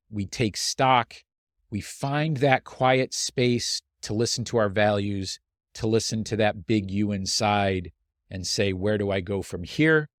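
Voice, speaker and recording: A man with a lowish voice hosts his own podcast, reflecting on the past year in an earnest, heartfelt solo monologue. He's a coach, and he speaks slowly and deliberately. The studio recording is clean, with no echo.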